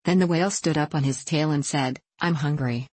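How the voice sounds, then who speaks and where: A woman with a low, slightly husky voice reads a children's storybook aloud. Her cadence is slow and sing-song, savoring each line. The sound is dry and close. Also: darkish tone, no room sound.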